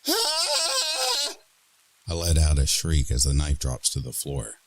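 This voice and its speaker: A man narrating a horror story in a dramatic, expressive reading style. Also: very deep voice, normal speed, noisy background.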